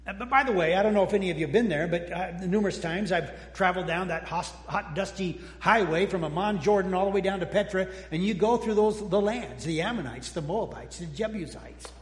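A pastor with a high, light man's voice delivers a folksy sermon in a church. He restarts his sentences, trades jokes with the listeners and sinks into hushed tones. The sound rings around a large, reverberant hall. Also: brisk, hardly any pauses. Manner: folksy and joking, with frequent restarts and sudden quiet drops. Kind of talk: conversational sermon. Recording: echoey hall with long reverb.

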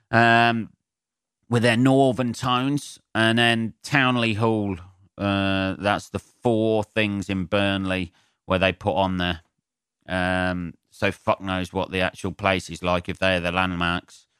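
A man's voice: fairly low pitch, sharp tone, clear, resonant tone, no echo, clean studio sound. A man with a stuffy, bunged-up nose, a comedian rambling through a solo podcast in a sweary, sardonic, self-mocking way. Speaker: stand-up comedian hosting a podcast.

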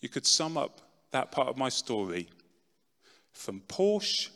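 A middle-aged man giving a dramatic personal testimony talk, swinging from loud, pushed lines to hushed ones. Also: mid-range voice, big pitch swings, slow. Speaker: speaker telling his testimony. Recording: long reverb in a large hall.

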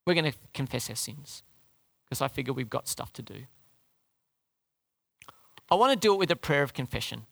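A man's voice: medium pitch, lively intonation, moderate pace, creaky, pauses often, a bit bright, dry recording. A man preaching a sermon, emphatic and asking the congregation rhetorical questions. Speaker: pastor.

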